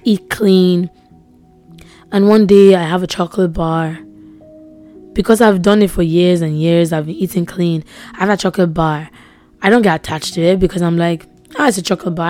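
Earnest woman preaching softly. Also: fairly low pitch. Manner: earnest, repetitive, drops to soft whispers for emphasis. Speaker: podcast host. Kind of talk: devotional podcast preaching.

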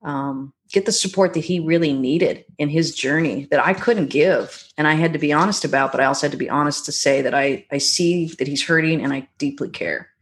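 A middle-aged woman, a guest on a talk show, telling stories about her marriage in a reflective, gentle way. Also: sits low. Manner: warm, reflective storytelling with gentle pauses. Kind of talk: conversational podcast interview.

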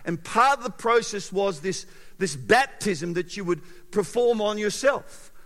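A male preacher delivers a sermon in a high, bright, ringing voice. He is animated, punching some words hard and dropping others to a near hush. A long reverb trails his voice through a large hall. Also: unhurried. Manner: animated, swings between loud emphasis and quiet intimacy. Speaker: pastor.

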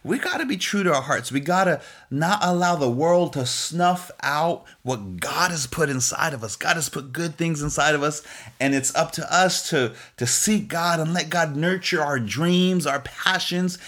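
A man giving an encouraging faith-based talk in a relaxed, conversational way, with frequent chuckles and "you know". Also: a little high.

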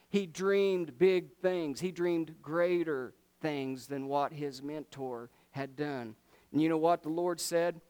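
A man preaching a sermon, telling the story with animated delivery and acting out the voices of biblical figures. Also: on the high side, clear, resonant tone.

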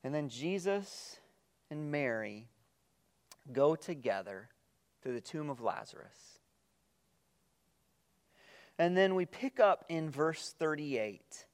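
Male pastor, sermon delivery, slightly high voice, reflective, soft slow drops at phrase ends. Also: sing-song. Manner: reads scripture aloud with quiet emphasis.

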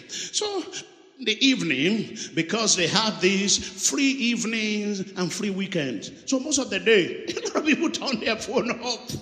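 A man preaching a sermon in a church hall, animated and calling out to his congregation. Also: sits high. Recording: echoey hall with long reverb.

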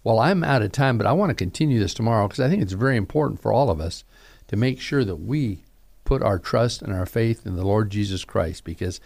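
A man's voice: lowish voice, expressive, fairly quick, vocal fry, darkish tone. A middle-aged man, a pastor preaching an earnest radio sermon, pressing his calls to repent.

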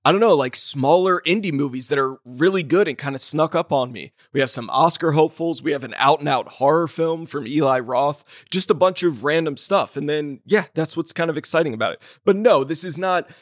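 Male podcast host, higher-pitched, rambling casual delivery, close dry mic. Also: a little fast, hardly any pauses, dry recording. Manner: chatty, rambling with restarts and laughs. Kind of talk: casual film talk.

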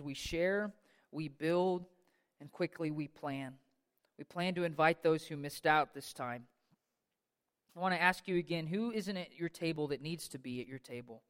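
A male pastor preaching a sermon with passion, swinging from loud declarations to hushed, intimate passages. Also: on the high side, clear, resonant tone, big-room sound. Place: church sanctuary.

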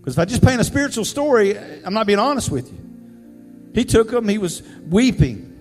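A male pastor telling a personal story in a conversational, animated sermon style. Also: high-pitched, a little fast. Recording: reverberant hall, faint music.

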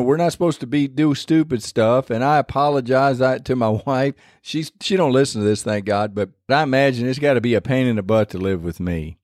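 A man's voice: medium pitch, darkish tone, no echo, studio quality. A man hosting a devotional podcast, talking in a rambling, conversational way with many restarts. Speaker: podcast host.

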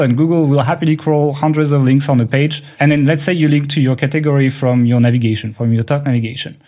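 A man's voice: medium pitch, darkish tone. A man with a French accent, whose first language is French, co-hosting a podcast and explaining things in casual chat, thinking aloud with restarts. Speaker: podcast co-host.

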